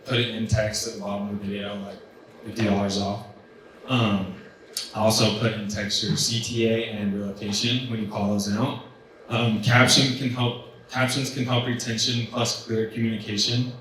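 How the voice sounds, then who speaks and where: Guy coaching a workshop crowd, kinda low voice, chill and chatty, super echoey room from far off. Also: fairly bright tone. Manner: loose and conversational, many ums and likes. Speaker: business coach presenting at a trade event. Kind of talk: casual workshop presentation. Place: large event room with an audience. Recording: very echoey hall, distant mic, faint hiss.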